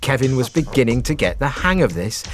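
A man narrating a children's story in an animated, expressive way. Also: medium pitch, fairly quick. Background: music.

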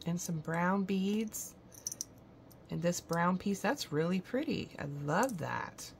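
A woman's voice: on the low side, gravelly, a little hiss or hum. A woman hosting a craft vlog, gushing with admiration as she shows off handmade gifts indoors. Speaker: craft channel host. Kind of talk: show-and-tell unboxing vlog.

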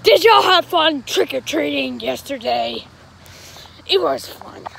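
A woman's voice: sits high, lively intonation, creaky, fairly bright tone, a little hiss or hum. Breathless playful woman voicing toys outdoors. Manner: playful, halting, with many fillers. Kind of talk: casual toy-play vlog. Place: outdoors on a hill.

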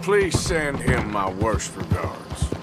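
Arthur Morgan, gruff dry outlaw. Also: male voice, fairly low pitch, very animated, slow pace. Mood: teasing. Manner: gruff, dryly sarcastic drawl. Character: weary middle-aged male outlaw, gruff, dry wit. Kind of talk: video game cutscene dialogue. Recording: loud game score behind the voice. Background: game music and horses.

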